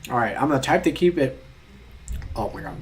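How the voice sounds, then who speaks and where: Young guy rambling thru online quizzes, mid pitch, mock outrage, faint hiss behind. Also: expressive, normal speed. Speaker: YouTuber taking online quizzes. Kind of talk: casual chat reading quiz questions aloud.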